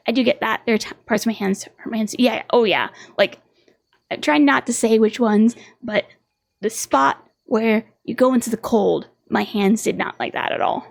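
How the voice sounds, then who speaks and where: A woman's voice: a little high, normal speed, gravelly. A young woman streaming a game, chatting casually, laughing often and reading game dialogue aloud. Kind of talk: casual let's-play chat.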